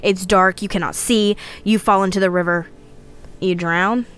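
A woman's voice: medium pitch, steady tone, normal speed, fairly bright tone, clear, resonant tone. A woman co-hosting a casual podcast, reading a legend from her notes with frequent laughs and stumbles. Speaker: podcast co-host.

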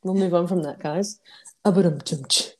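A woman's voice: sits low, normal speed, a little mellow. An Australian woman co-hosting a casual podcast, chatty and giggly, swearing now and then. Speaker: podcast co-host. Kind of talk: casual chat.

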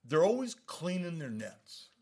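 Man, pastor, casual Bible teaching, animated pitch, chatty, keeps checking in with listeners. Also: measured pace. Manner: conversational, animated, lots of "you know what I mean".

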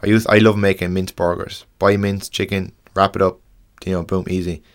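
A young Irish man hosting a podcast, talking earnestly and frankly in a halting way, restarting and swearing as he goes. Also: low-pitched, level tone. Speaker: podcast host. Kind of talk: casual podcast monologue.

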